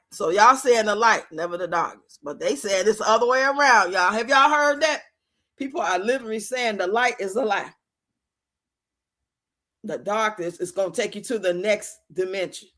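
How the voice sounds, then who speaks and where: A woman's voice: medium pitch, moderate pace, a bit bright. A woman streamer giving blunt, profane commentary in a casual live-stream rant. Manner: blunt, profane, rants and scolds with lots of swearing. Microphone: streaming mic.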